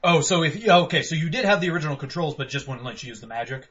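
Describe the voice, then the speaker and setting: A man co-hosting a casual game review podcast, animated and swearing freely as he talks. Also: fairly high pitch, racing, a crowd in the background. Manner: animated, swears freely, puts on voices for quotes. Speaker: podcast co-host. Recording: dull lo-fi podcast audio.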